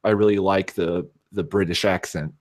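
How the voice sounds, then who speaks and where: Low-voiced West Coast American man. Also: fairly even intonation. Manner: halting, lots of "uh" fillers. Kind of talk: casual chat.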